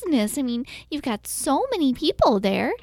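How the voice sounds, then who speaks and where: A woman's voice: high-pitched, very animated, a little fast, darkish tone, voice pushed up. A woman improvising a pushy, cheerful saleswoman on a sales call, in a bubbly, persistent patter. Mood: salesy.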